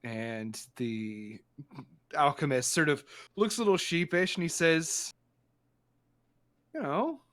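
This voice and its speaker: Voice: medium pitch, lively intonation, unhurried, fairly bright tone. A game master narrating a tabletop game in a loose, chuckling way, full of fillers.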